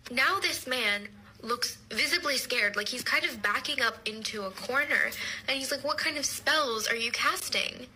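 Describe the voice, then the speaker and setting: A young woman telling a rambling, deadpan comic story from her own life. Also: sits high, normal speed, rough recording. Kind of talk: storytime vlog.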